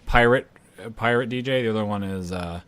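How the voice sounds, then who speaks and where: Casting: low-pitched deadpan man, dry close mic, offhand podcast chat. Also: fairly quick, smooth, no echo. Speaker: podcast co-host. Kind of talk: casual chat.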